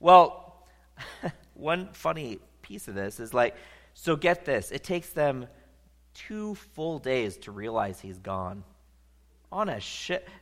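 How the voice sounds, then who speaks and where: A man preaching in a large hall, spinning a story with a bright, forceful voice that swoops up and down. His pitch sits a little high, and a long reverb trails each phrase. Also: slow pace, long pauses. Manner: animated, conversational storyteller. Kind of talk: storytelling sermon.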